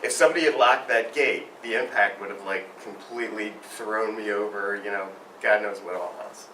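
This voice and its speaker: A man's voice: on the low side, normal speed, bright, forceful tone. A man telling a rambling, self-mocking story about a near-miss on his bike. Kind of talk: personal storytelling. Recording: roomy, distant mic, faint noise.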